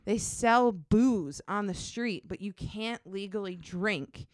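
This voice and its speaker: A woman's voice: medium pitch, takes it slowly, no room sound, clean studio sound. Chatty American woman telling a story. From United States. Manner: animated storyteller, acts out quoted voices, says "like" often. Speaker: co-host telling a travel story. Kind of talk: casual chat.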